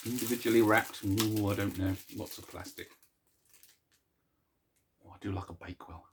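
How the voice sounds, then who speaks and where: Soft-spoken chuckling man. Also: lowish voice, fairly even intonation, normal speed, noisy background. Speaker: host of a daily song video series. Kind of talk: casual chat to camera.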